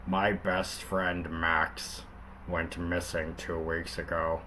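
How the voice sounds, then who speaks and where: A man doing an impression voice to read a dark first-person story in a low, hushed, slow way. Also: little pitch movement, slight background noise, exaggerated voice. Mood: grave.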